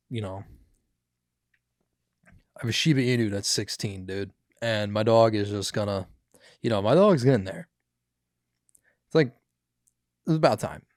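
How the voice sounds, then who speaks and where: A man's voice: lowish voice, darkish tone, no room sound, clean studio sound. Casual, profane young man. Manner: casual, profane, rambling with many fillers. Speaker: podcast host. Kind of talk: casual chat reacting to news clips.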